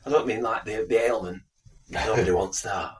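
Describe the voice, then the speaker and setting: A man's voice: fairly low pitch, moderate pace, recorded from a distance, a little hiss or hum. A man, co-hosting a podcast and chatting in a rambling, joking way. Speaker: podcast co-host. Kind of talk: casual chat.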